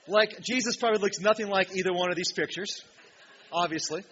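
A male pastor preaching a sermon in a church, emphatic, swinging from loud, ringing peaks to quiet asides. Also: high voice, fairly quick. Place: church hall with a projection screen. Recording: dull lo-fi sound with faint hiss.

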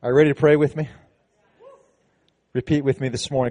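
A man's voice: mid-range voice, level tone, brisk, long pauses, dark tone. A man, a pastor, giving a sermon in a conversational, preaching way, with frequent restarts and emphatic passages.

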